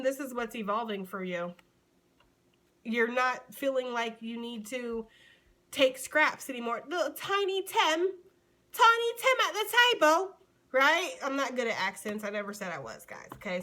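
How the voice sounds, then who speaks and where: An American woman giving a casual tarot reading to her viewers, chatty and animated, calling listeners honey and sweetie. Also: fairly high pitch. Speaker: tarot reader.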